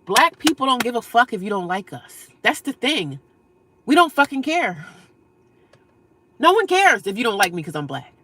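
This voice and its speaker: A woman livestreaming, reading and answering chat comments in a blunt, profane, animated way and laughing often. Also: fairly high pitch, moderate pace, pauses often, a little hiss or hum.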